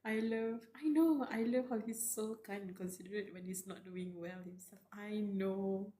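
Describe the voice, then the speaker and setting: A woman's voice: mid-range voice, normal speed, mellow, echoey room, a little hiss or hum. A woman streamer reading a story aloud live, tearful and reacting emotionally between read lines. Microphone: close desk mic.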